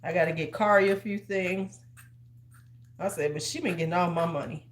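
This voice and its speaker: A woman in her fifties hosts a casual livestream from a large room at home, chatty and sassy as she hands out big-sister advice. Her voice is fairly low in pitch at a moderate pace, with a roomy echo.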